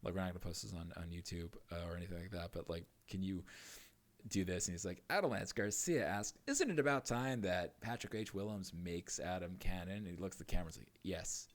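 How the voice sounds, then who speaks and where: A man chatting as a podcast guest, lower-pitched than most, telling anecdotes with lively energy. He laughs often and swears casually, jumping between quoted voices. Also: fast. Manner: animated storytelling with laughs and swearing. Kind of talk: casual chat.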